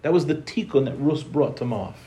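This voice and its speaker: A young man teaching a Torah class in a quick, joking way, throwing rhetorical questions at his listeners. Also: medium pitch, lively intonation, dark tone.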